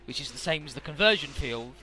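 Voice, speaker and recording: A man's voice: a little high, animated, quick pace, sharp tone. A man giving rambling, casual gameplay commentary, paraphrasing the characters and swearing freely. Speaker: let's play commentator.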